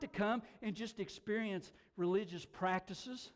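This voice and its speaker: A man preaching a sermon to a congregation, telling the story dramatically, dropping to hushed whispers and rising to shouts, often repeating words as he restarts. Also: sits high, lively intonation, normal speed. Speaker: pastor. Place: church hall, also broadcast on air.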